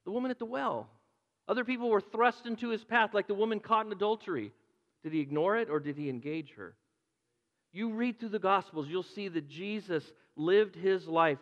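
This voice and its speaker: A man's voice: on the high side, a bit bright, big-room sound, muffled recording. A man preaching a conversational sermon to a congregation, with playful asides and repeated words. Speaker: pastor.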